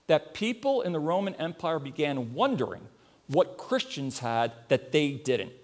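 A middle-aged man delivers a sermon in a high, bright-pitched voice. His delivery is animated and swings widely in pitch as he poses earnest questions to the congregation. He tells stories along the way. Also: a little slow. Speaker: preacher.

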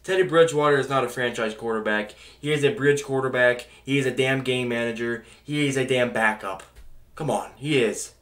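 A man's voice: medium pitch, fairly quick, fairly bright tone. A man ranting angrily as a sports fan, exasperated, swearing and sighing as he vents about his team. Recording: echoey room.

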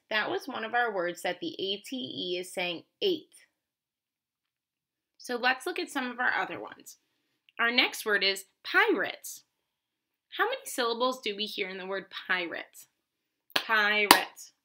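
Slow, bright-voiced woman teaching phonics. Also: fairly high pitch, big pitch swings. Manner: slow, clearly enunciated, encouraging teacher talk. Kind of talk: phonics lesson for children.

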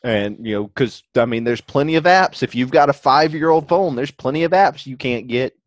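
A man's voice: medium pitch, moderate pace, no room sound. A man co-hosting a podcast in casual chat, rambling and often restarting his thoughts. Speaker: podcast co-host.

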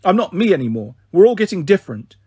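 Male reader playing a small sweet girl mothering her big sister; gentle and coaxing, slightly raised pitch. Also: big pitch swings, fast talker, slightly rough, dry recording, studio quality, exaggerated voice. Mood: defiant. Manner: soft, coaxing, motherly play-acting. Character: little girl, sweet, comforting younger sister.

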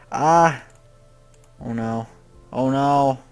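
A young man giving casual gameplay commentary, rambling and swearing, often panicking out loud. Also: medium pitch, measured pace, faint music behind. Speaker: gaming youtuber.

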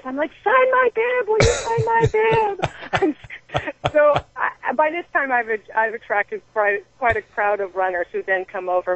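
A woman guest telling an animated story on a podcast, full of restarts and acted-out quotes. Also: fairly high pitch, dry recording, phone-quality sound. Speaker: guest runner.

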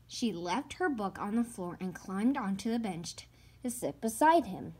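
A woman reading a children's picture book aloud, slowly and carefully, with a few stumbles and hushed passages. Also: medium pitch, expressive, breathy edge. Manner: slow and careful, some stumbles, hushed at quiet parts. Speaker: storybook reader.

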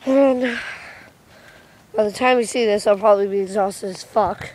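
With a medium-pitched, darkish voice at a moderate pace, a young vlogger chats casually to the camera. She's giggly and swears now and then, filming indoors before stepping out into a windy yard.

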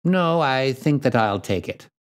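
A man voicing a sharp, brisk male detective in old London, speaking crisply and with purpose in a storybook reading. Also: medium pitch, animated, voice pushed up, natural voice.

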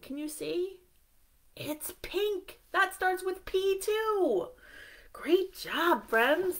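A woman leading a live storytime for young children, slow and sing-song, encouraging them and asking them questions. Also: sits high, fairly bright tone. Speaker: children's librarian. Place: library storytime, streamed live.

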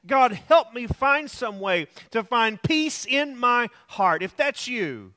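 A man's voice: very high-pitched, big pitch swings, takes it slowly, sharp tone. A male pastor preaching alone in a room, earnest and repetitive, telling anecdotes. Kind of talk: sermon.

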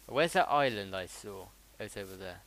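A man from the south of England chats casually while streaming a game, rambling and responding to his chat. His voice sits on the low side and sounds expressive at a normal speed. Loud background noise and mouse clicks fill the recording.

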